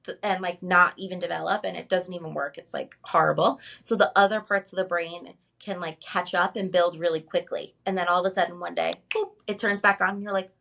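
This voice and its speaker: A woman's voice: on the low side, steady tone, fairly quick, creaky, few pauses, pushed and bright. A woman working as a parent coach, explaining child development in a casual chat, often checking with "right?". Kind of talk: casual chat, giving advice.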